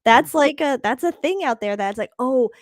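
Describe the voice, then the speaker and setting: A woman's voice: high-pitched, lively intonation, moderate pace, no echo, studio quality. A woman co-hosting a podcast in casual chat, laughing often and searching for words. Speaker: podcast co-host.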